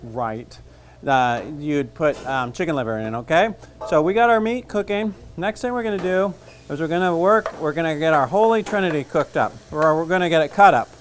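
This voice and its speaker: A man's voice: a little high, normal speed, slight background noise. A man teaching a cooking class, chatting casually and joking as he cooks. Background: frying and sizzling.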